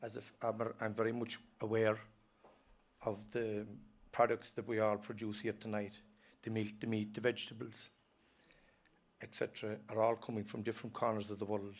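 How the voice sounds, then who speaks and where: An Irish dairy farmer giving an earnest, halting personal talk at a live event, often stopping to restart his sentences. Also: on the low side, flat delivery. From Ireland. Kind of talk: personal storytelling speech.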